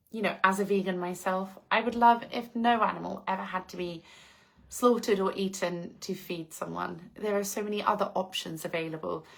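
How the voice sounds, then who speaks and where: Cheerful English woman hosting a live chat, gushing and warm with her viewers. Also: mid-range voice, creaky. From England. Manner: effusive, gushing, laughs often. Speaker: live-stream host reading viewer comments.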